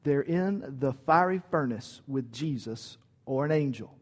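A man's voice: mid-range voice, expressive, a little slow, big-room sound. A man preaching a sermon in an emphatic, conversational way, often checking in with "right?".

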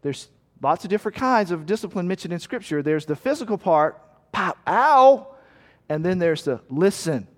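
Man, sermon, earnest emphatic delivery, somewhat high pitch, church hall, long reverb. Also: animated, brisk. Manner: earnest, emphatic, storytelling, with spoken repetition. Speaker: pastor.

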